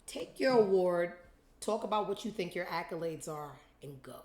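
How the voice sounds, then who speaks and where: A woman's voice: fairly low pitch, animated, moderate pace, darkish tone. Blunt, scornful woman host in a roomy space. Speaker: show host. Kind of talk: ranting commentary. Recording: roomy echo.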